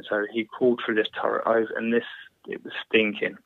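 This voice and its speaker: A British man in his thirties recounts a hard story in a low, flat voice, halting and restarting as he goes. The sound is thin and phone-like, with no room sound at all. He speaks plainly, as a guest talking through his memories. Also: no echo. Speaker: guest, former soldier. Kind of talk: recounting a war story in an interview. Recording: tinny phone-like line, dry.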